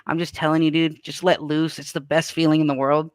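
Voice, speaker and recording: A man telling a story in casual chat, animated and full of fillers and repeats. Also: a little high, brisk, clear, resonant tone, no echo. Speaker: paintball podcast panelist.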